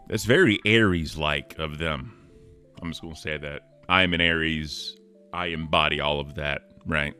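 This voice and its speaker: A man co-hosting a casual livestream chat in a deep voice, upbeat and thanking chat members by name. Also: moderate pace, bright, forceful tone, smooth, faint music behind. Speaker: co-host.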